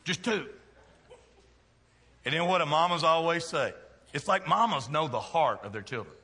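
A middle-aged man, preaching a sermon in a church with folksy jokes and big swings in loudness. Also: on the high side, expressive, normal speed, pauses often, husky, big-room sound. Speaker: pastor. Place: church sanctuary.

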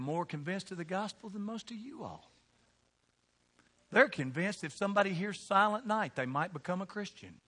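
Bright, high-voiced man preaching. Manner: emphatic, swings from loud calls to hushed asides. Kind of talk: sermon. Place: church.

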